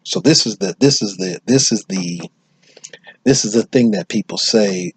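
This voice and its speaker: A man's voice: on the low side, normal speed, breathy edge. An American man giving unscripted commentary on social issues, talking emphatically and often restarting and repeating his phrases. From United States.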